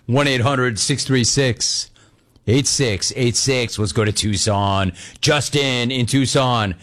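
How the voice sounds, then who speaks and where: A man's voice: medium pitch, slow, fairly bright tone. A man hosting a call-in sports radio show, talking in a brash, mocking way and laughing often. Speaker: radio sports talk host. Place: radio studio.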